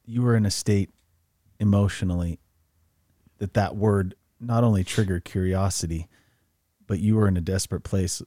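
A calm male host offers reflective, affirming comments in a low, mellow voice. The sound is dry and close with no room echo. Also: normal speed, long pauses. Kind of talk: podcast interview.

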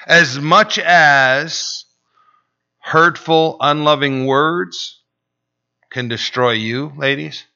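A man's voice: mid-range voice, takes it slowly, creaky, pushed and bright, clean tone. A man preaching as a pastor, emphatic and drawn out, often asking "right?". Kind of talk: sermon. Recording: dull lo-fi recording.

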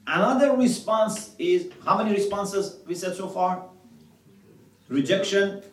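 A man's voice: sits high, measured pace, distant mic. Man lecturing in an echoey classroom. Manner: asks students questions, quotes Arabic scripture. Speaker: religious teacher.

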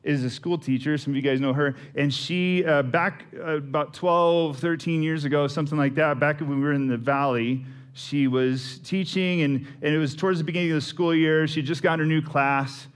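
A man's voice: fairly high pitch, steady tone, normal speed, hardly any pauses, smooth. A man, preaching a sermon in a casual, storytelling way with asides to the congregation. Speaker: pastor.

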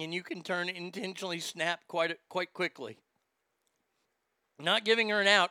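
A man's voice: high voice, pushed and bright, clean tone, dry recording, studio quality. A man hosting a talk show, ranting bluntly and sarcastically with plenty of profanity, and reading listener comments aloud. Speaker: radio talk show host.

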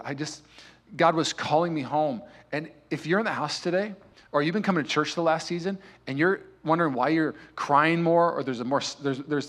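Young male pastor, sermon delivery, a touch higher-pitched, passionate swells and emphatic peaks. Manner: impassioned preaching with loud, rising peaks. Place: church sanctuary.

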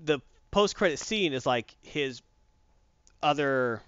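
A man casually reviewing a film on a podcast, animated and playful as he recaps scenes. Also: mid-range voice, slow, clean tone, no room sound. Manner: animated, acts out scenes in funny voices. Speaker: podcast co-host. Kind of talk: casual movie review chat. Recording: dull lo-fi dry sound.

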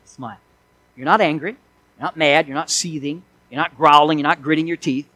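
A man preaching an expository sermon, swinging between forceful emphasis and hushed asides. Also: a little high, fairly even intonation, fairly quick, dry recording, rough recording. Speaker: pastor.

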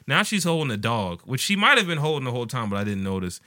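A man's voice: medium pitch, sing-song, fast talker, sharp tone. A man in a casual chat, telling stories with slang and acting out the voices of people in them. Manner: storytelling, slangy, acts out voices in quotes.

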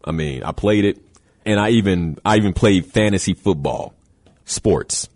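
Man, motivational host, emphatic, rhetorical questions, slightly husky voice. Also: low-pitched, normal speed, darkish tone. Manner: emphatic, repeats key words, rhetorical questions. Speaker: show host giving motivational talk. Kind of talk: motivational talk.

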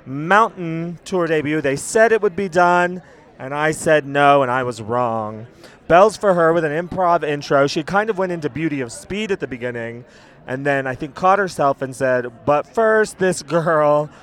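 A man hosting a casual after-show podcast, talking with enthusiasm and sounding a little sick, recorded outdoors in a city. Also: a little high. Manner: enthusiastic, chatty. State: sick, cold. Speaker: podcast host.

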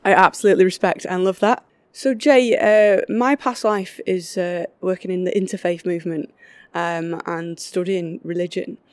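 A woman hosting a podcast interview, asking thoughtful questions in a warm manner. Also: fairly low pitch, fairly even intonation, normal speed, no room sound. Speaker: podcast host. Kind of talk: interview conversation.

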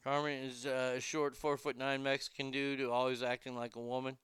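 A man in his fifties hosting a show, chatting casually and bluntly, telling animated stories and acting out callers' voices. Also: medium pitch, fairly quick, smooth, dry recording, studio quality. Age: 50s. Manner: blunt and profane. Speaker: show host. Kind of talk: casual chat reading viewer comments.

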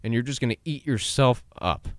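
A man's voice: medium pitch, animated, fairly quick, dry recording, studio quality. A man in his twenties hosting a solo podcast, talking casually and acting out quoted voices, often laughing at himself. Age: 20s. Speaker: podcast host.

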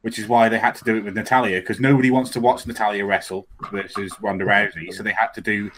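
A man's voice: fairly low pitch, level tone, fast, fairly bright tone, rough recording. A man in a casual podcast chat, laying out his reasoning.

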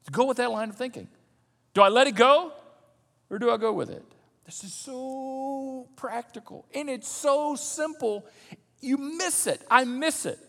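A man preaching a sermon as pastor, animated, swinging from loud emphasis to soft, low asides. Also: measured pace, vocal fry, long reverb tail. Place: church sanctuary.

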